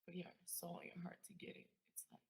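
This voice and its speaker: A woman from Queens, New York, telling a heartfelt personal story as an interview guest, emotional and emphatic, swinging between loud and hushed. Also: fast, reverberant, poor audio. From Queens, New York, USA. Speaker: guest, community activist.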